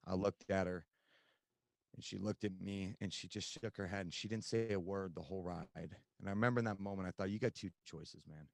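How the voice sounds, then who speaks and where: Deep-voiced man recounting his past candidly. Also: fairly quick, vocal fry. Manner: candid, conversational storytelling with many fillers. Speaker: podcast guest. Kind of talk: personal recovery story.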